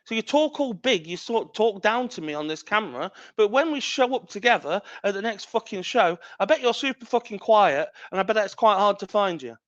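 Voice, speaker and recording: A man's voice: sits high, lively intonation, a little fast, few pauses, no echo, dull audio. A man, a wrestling champion cutting an angry, profane, taunting promo as a podcast guest.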